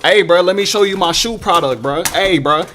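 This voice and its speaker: A man's voice: high voice, moderate pace, pitched above the performer's own voice. A man doing a pushy mall shoe salesman. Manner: loud, insistent, repeats "bruh".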